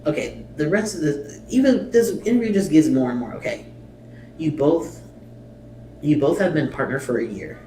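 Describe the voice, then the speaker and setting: A man's voice: a little high, expressive, moderate pace, mellow. A man hosting a reaction video, bluntly commenting and reading subtitles aloud with swearing and exasperation. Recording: echoey room, mic at a distance, faint noise.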